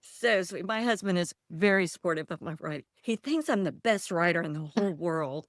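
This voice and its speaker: A woman's voice: fairly low pitch, a little fast, no room sound, clean studio sound. A woman author in a casual interview, telling stories in a rambling way and laughing often. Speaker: author guest.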